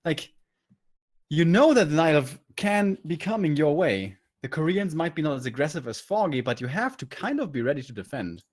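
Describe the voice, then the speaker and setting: A man's voice: a little high, very animated, normal speed, darkish tone. A man casting a live strategy game match, breaking down the play in detail and critiquing the decisions. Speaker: esports caster.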